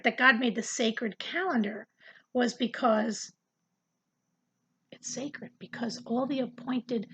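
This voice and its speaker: A woman's voice: fairly high pitch, a bit bright, husky, rough recording. A woman giving a casual, earnest Bible study lesson, talking conversationally and often repeating words as she searches for the next thought. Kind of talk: casual Bible teaching to camera.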